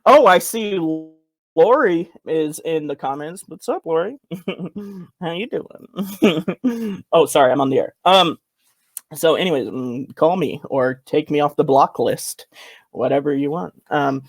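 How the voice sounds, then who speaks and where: A man's voice: on the high side, normal speed, no room sound. A man co-hosting a podcast in casual banter, giggly and hesitant with many ums. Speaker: podcast co-host.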